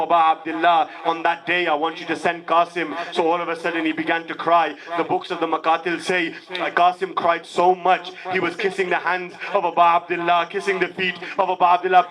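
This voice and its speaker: A man preaching a mournful storytelling sermon, his voice sitting fairly high. He moves from hushed, low tellings to loud, wailing peaks. A congregation can be heard around him. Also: poor audio. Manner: storytelling sermon that drops low and soft, then rises to a loud wailing climax. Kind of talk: Muharram sermon narration.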